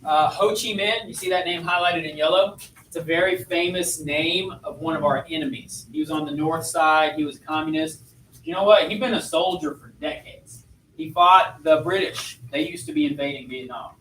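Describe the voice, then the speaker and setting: A man's voice: on the high side, moderate pace, a bit bright, a little hiss or hum. A man teaching a history class in a chatty lecture style, asking his students questions as he goes. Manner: conversational, asks students questions. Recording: echoey classroom, voice from far off.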